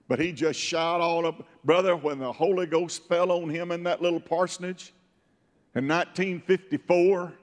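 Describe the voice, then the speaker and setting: A fervent older male preacher with a fairly high voice, swinging from quiet storytelling to ringing shouts. His sermon carries through a church with a long reverb. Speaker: pastor. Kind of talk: Pentecostal sermon.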